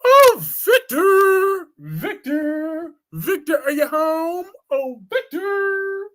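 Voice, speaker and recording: A man putting on a swooning woman who calls out for her husband in a high, sing-song falsetto with drawn-out, mocking calls. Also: sing-song, bright, forceful tone, exaggerated voice.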